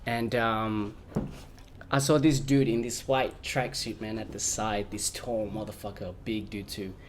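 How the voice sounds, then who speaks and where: A man's voice: on the low side, a little slow, slight background noise. A man hosting a podcast, telling a story in casual chat, laughing and acting out the people he quotes. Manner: animated, laughing, acts out quoted voices. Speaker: podcast host.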